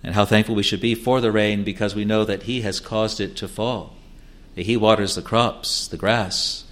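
A man preaching a sermon, measured and emphatic, often repeating words and phrases. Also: fairly low pitch, fairly even intonation, fairly bright tone. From New Zealand.

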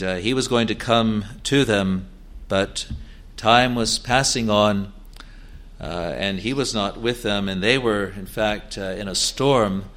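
A man with a mid-range, slightly bright voice preaches a sermon earnestly but haltingly. He uses many fillers and restarts, then builds to emphatic declarations.

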